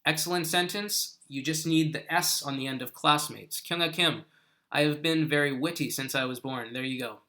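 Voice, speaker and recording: A man's voice: on the high side, moderate pace, pushed and bright. A man teaching a live online English lesson, patiently correcting the sentences viewers send in.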